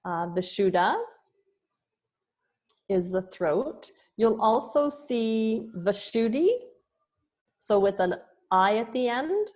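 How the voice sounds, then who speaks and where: Slow, patient woman yoga teacher. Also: mid-range voice, expressive, a little mellow. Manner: slow, patient explaining with small restarts. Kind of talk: online lesson on terminology.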